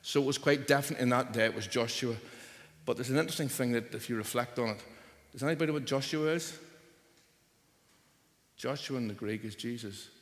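A man's voice: medium pitch, fairly quick, long pauses. Emphatic male preacher in a reverberant hall. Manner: emphatic, rises and drops for stress. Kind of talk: sermon.

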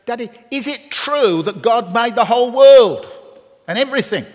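A man voicing an eager little boy who asks blunt questions in a loud voice. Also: very high-pitched, lively intonation, moderate pace, voice pushed up. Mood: curious. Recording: reverberant hall.

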